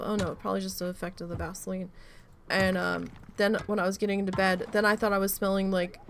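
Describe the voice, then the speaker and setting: A woman streamer talks casually over her game into a desk mic, rambling from one thought to the next. She swears freely as she goes, at a middling pitch. A faint hiss sits under her voice. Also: vocal fry. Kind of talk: casual chat while gaming.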